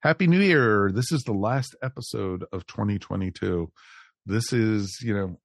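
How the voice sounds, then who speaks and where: Gravelly low-voiced male podcast host. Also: normal speed, no room sound, clean studio sound. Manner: upbeat, chatty, many fillers. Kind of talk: casual chat.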